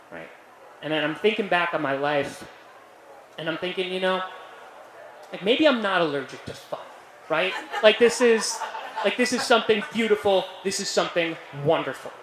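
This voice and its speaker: A young man doing a stand-up comedy set on a club stage, animated, with jokey self-praise and a habit of tagging lines with "right?". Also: high voice. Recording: roomy live club sound with faint room noise.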